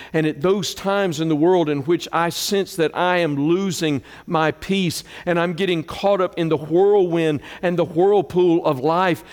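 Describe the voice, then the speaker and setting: A man preaching a sermon as a pastor, moving between loud declarations and hushed prayer. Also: on the high side. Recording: long hall reverb.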